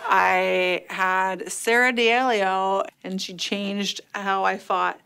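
Profane, bright-voiced woman telling her story. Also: medium pitch, very slow, creaky, poor audio. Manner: profane, animated, acts out her own past outbursts. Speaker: interviewee. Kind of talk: candid documentary storytelling.

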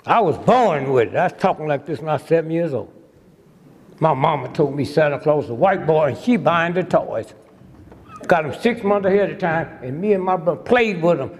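A man's voice: on the high side, animated, fairly quick. An older man giving a humorous lecture to a live audience, sly and teasing, constantly prodding the crowd with "hmm?". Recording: long hall reverb.

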